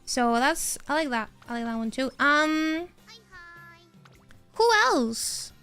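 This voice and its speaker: A woman streamer chatting casually while she plays a game, rambling and excitable, answering her chat as she goes. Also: high-pitched, slow pace, soft background music.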